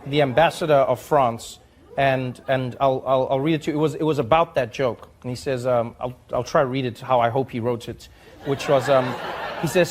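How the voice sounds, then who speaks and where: A man from South Africa performing stand-up comedy, acting out both sides of imagined phone calls in raised, animated voices. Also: mid-range voice, fairly quick. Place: comedy stage with a live audience.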